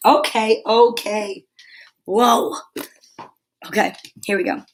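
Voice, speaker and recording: Speaking at a moderate pace and pausing often, an older woman hosts a casual home live stream, her voice a touch high. She addresses her viewers and coos baby talk to her dog, with background noise audible.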